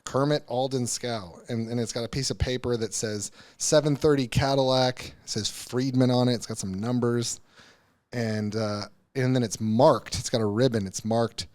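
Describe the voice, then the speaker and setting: A man's voice: mid-range voice, steady tone, moderate pace, a little mellow. A man as a podcast guest, telling a personal story in a candid, earnest way, often restarting his sentences and swearing casually.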